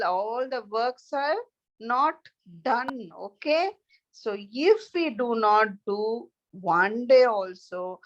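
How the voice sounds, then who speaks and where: A clever young princess, put on by a woman reader, patiently explaining in a slightly high, slow voice. The sound is dull and lo-fi. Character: clever young princess lecturing her father. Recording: dull lo-fi recording.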